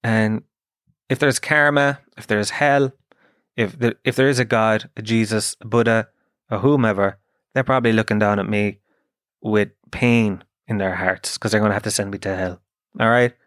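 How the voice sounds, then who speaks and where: A man's voice: on the low side, fairly even intonation, moderate pace, fairly bright tone, clean tone, no echo, studio quality. A man hosting a podcast, telling a rambling, self-mocking story in casual chat and swearing freely. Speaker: podcast host.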